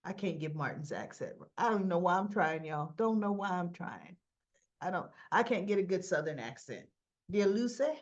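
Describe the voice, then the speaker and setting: A woman casually recapping a soap opera episode, retelling the scenes in a chatty, animated way and slipping into quick character voices. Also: lowish voice. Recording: slightly muffled lo-fi audio.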